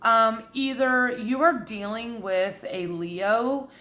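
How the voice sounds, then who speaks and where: A woman's voice: on the high side, takes it slowly, sharp tone. A woman giving a casual tarot reading, blunt and profane, getting heated as she goes. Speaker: tarot reader.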